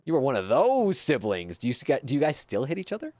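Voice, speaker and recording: A man's voice: medium pitch, wildly swooping pitch, darkish tone, no room sound, soft background music. Chatty male game streamer. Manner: chatty, reacts to viewer messages, quick laughs. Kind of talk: casual gameplay livestream chat.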